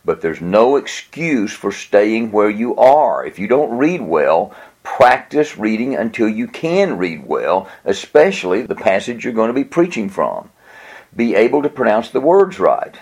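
A man's voice: on the low side, big pitch swings, a little slow, a little mellow, breathy edge. A man giving an earnest, plain-spoken teaching talk on how to preach, with a chuckle now and then. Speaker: preaching instructor.

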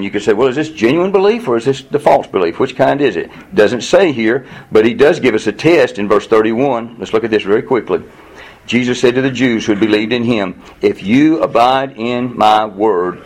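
A man at mid pitch leads a Bible class. He reads a verse, then talks it through with the group in an easy, conversational manner. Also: a little mellow, low-quality recording. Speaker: pastor teaching a Bible study. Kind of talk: expository Bible teaching.

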